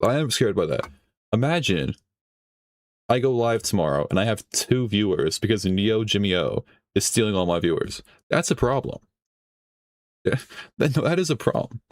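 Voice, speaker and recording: A man's voice: lowish voice, animated, normal speed, no room sound. A man hosting a stream, reacting in casual commentary, rambling, swearing and laughing as he talks. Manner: rambling, swears often, laughs mid-sentence. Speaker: streamer host reacting to a video.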